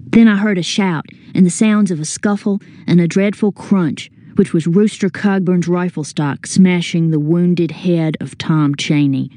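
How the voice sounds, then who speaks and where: A woman narrating a story as an audiobook reader, in a measured, earnest first-person telling. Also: fairly low pitch, dark tone, no echo.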